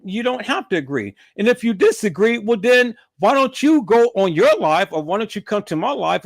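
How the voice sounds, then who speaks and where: A livestreamer with a high voice rants with heavy profanity, repeating words and restarting when he gets heated. The recording is dry with clean studio sound.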